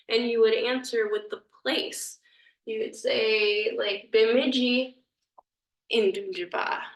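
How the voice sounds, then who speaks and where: Slow-talking woman teaching grammar, roomy sound. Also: mid-range voice, far from the mic. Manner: thinking aloud, hesitant, apologetic. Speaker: language teacher. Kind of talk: explaining grammar lesson.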